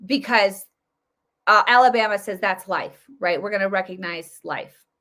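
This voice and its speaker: A woman's voice: mid-range voice, normal speed, pushed and bright. A woman hosting a casual political commentary show, talking in a chatty, opinionated way with many fillers and restarts. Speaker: host.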